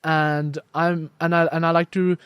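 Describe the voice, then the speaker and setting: A young man chats on a podcast in a fairly high voice, recorded close and dry. He tells his story with animated energy, acting out what others said along the way. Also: a little slow, smooth, no room sound. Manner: animated storyteller, acts out quoted dialogue. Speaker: podcast guest, life coach. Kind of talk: casual podcast conversation.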